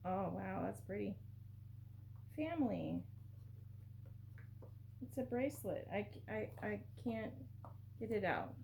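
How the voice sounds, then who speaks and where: A woman's voice: mid-range voice, expressive, slow pace, vocal fry, long pauses, darkish tone, slight background noise. A woman vlogger chatting casually to camera while opening gifts, gushing and exclamatory.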